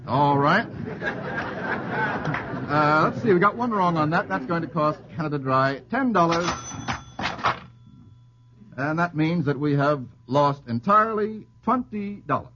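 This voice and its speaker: A man hosts a radio quiz with a voice pitched a little high and full of swings. He cracks jokes and asides at a quick clip. The sound is dull and lo-fi, with a faint hiss like an old broadcast. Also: expressive. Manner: jokey, quick asides, laughs at own puns. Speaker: quiz show host. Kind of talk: witty quiz-show banter.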